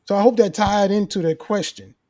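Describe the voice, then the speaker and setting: A man's voice: sits high, a little fast, dark tone, no room sound, studio quality. A man on a talk show telling a personal story in an earnest, emphatic way, often repeating key phrases. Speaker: co-host sharing a personal story. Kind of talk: casual conversation, storytelling.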